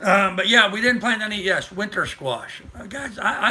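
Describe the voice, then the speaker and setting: Older guy rambling on his live stream, real bright tone, chatty with viewers. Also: sits high, expressive, normal speed, hardly any pauses, slight background noise. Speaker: livestream host. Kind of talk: casual live-stream chat.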